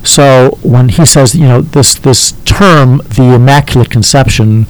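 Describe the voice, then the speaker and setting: A man explaining a text to a listener as a teacher, halting and often checking in with "okay?". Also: mid-range voice, poor audio.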